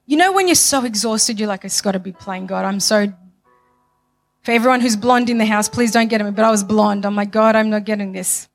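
A woman giving a passionate church testimony, emphatic and repetitive, swinging from loud to hushed. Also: medium pitch, brisk, soft background music.

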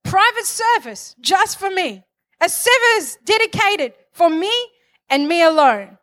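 A woman's voice: extremely high pitch, big pitch swings, measured pace, fairly bright tone. A woman preaching a sermon, building to fervent declarations and calling on the congregation for amens. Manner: calls for amens.

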